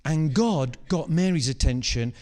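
A man delivers a sermon in a high, unhurried voice. He is animated and drives his points home by repeating words and phrases. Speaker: preacher.

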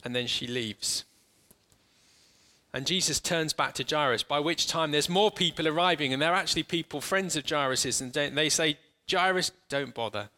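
Speaking a little high, a man delivers a sermon that walks listeners through an exercise in imagination. He's earnest but halting, restarting frequently, and grows slower and softer whenever he describes the imagery.

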